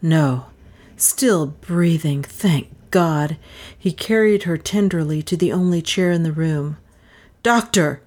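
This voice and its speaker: A woman reading a novel aloud in measured, dramatic narration. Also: deep voice, mellow. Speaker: audiobook narrator. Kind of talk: scripted narration.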